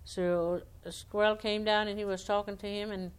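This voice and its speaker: A woman telling old animal folktales aloud, homespun and conversational. Her voice is smooth and clear, at a middle pitch. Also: flat delivery, moderate pace. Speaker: storyteller.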